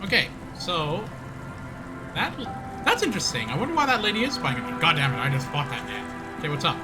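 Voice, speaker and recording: A man's voice: a little high, very animated, a little fast, music in the background. A man streaming a game, rambling casually, laughing and mocking himself. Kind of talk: casual gameplay commentary.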